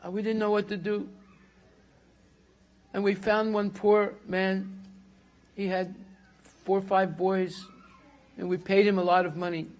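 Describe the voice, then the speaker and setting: A man voicing an elderly mother who confesses softly and tearfully in a spoken story. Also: sits high, flat delivery, measured pace, long pauses.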